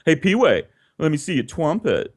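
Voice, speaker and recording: A man's voice: extremely high pitch, wildly swooping pitch, brisk, darkish tone, voice pushed up, full character voice. A man voicing a pushy boy with a speech impediment who keeps asking to see something.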